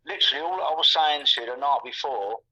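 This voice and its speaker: A man's voice: mid-range voice, fast, sharp tone, husky. A man in his sixties from England, a guest talking casually and ramblingly, repeating words and stacking fillers. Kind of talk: casual conversation. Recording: muffled, lo-fi call audio.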